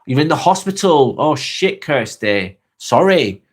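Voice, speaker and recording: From a spare bedroom in England, a man hosts a live vlog, reading comments and chatting casually with viewers while rambling and repeating himself with lots of ums. He speaks through a wireless clip-on mic in a fairly high, sing-song, unhurried voice.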